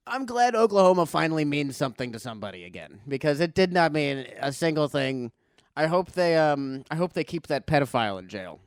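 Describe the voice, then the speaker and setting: A man co-hosting a comedy podcast, trading deadpan jokes and laughing often. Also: on the high side, a little fast, smooth, no echo, studio quality. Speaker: podcast co-host. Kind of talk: casual comedic banter.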